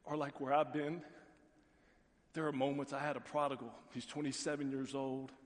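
Folksy pastor preaching in a reverberant hall. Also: male voice, mid-range voice, normal speed. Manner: storytelling, animated quoted voices, folksy asides. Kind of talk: sermon. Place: church sanctuary. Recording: long reverb of a large hall.

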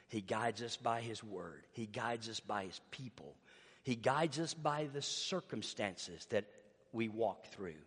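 A man preaching a sermon, swinging between hushed, intimate passages and shouted emphasis. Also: mid-range voice. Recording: long hall reverb.

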